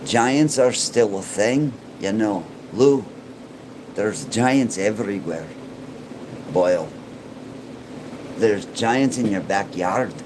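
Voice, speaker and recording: A man chats casually for his vlog, joking and rambling about ghosts and giants. He talks slowly, and his pitch swings up and down. Air conditioning hum and passing traffic sit behind him. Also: expressive. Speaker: paranormal YouTuber.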